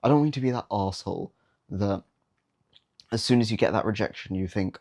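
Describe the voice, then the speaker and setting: A man's voice: on the low side, a little fast, long pauses, a little mellow. A young man giving dating advice in a casual, blunt, slangy monologue, often mocking the habits he warns against.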